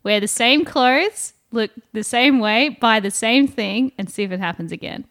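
Woman cohost, giggly and teasing, voice a bit high. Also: normal speed, fairly bright tone. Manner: laughs often, teasing. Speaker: podcast co-host. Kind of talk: casual chat.

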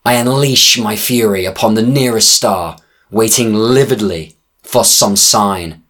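A man performing spoken-word verse with a deliberate, dramatic touch. His voice sits low, and he takes each line at a very slow, measured pace. Every rhyme gets its weight. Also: fairly bright tone. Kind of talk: spoken-word poetry recitation.

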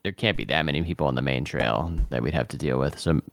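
A man's voice: rumbling low, fast talker, gravelly, dry recording. A young man playing a tabletop game for the first time as a guest, talking hesitantly and repeating words. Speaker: guest player. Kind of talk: casual tabletop game play.

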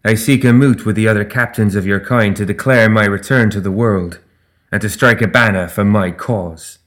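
A man voicing an ancient, commanding fae queen in an audiobook, speaking slowly and gravely. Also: lowish voice, a bit bright, close to an everyday voice. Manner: slow, solemn, regal delivery.

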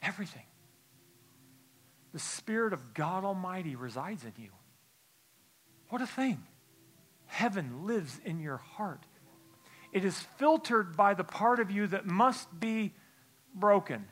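A man preaching a sermon in church, telling a personal story in a hushed, halting voice, then building into a forceful exhortation. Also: high voice, lively intonation. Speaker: pastor. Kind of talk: sermon testimony.

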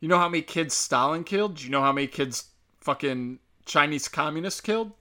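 A man fires off a heated solo rant, sneering and swearing as he scolds the people listening. His voice rides slightly high for a man and has a bright, forceful edge. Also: lively intonation, brisk. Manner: profane, sarcastic, heated. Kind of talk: ranting monologue.

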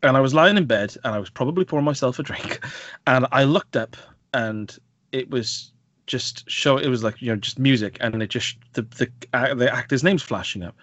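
Casual podcast co-host, male, jokey and lively, dry dull lo-fi mic. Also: medium pitch, moderate pace, dry recording. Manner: animated, jokey, mimics film voices. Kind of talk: casual film review chat.

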